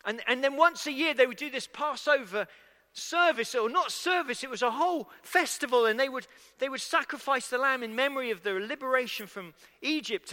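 This very high male voice sounds pushed and bright as he preaches to a congregation. He talks to them conversationally and puts questions to them, while the hall echoes with long reverb.

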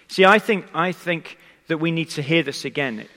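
Man, preacher, sermon, fairly high voice, conversational storytelling, long hall reverb. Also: moderate pace, pushed and bright. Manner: conversational storytelling, speaks directly to the congregation.

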